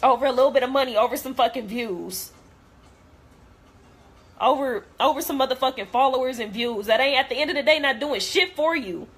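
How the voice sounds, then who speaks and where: Her voice is high, a bit bright and husky, and she talks fairly fast. The young vlogger is venting to camera, cursing a lot, bluntly and with heated hurt.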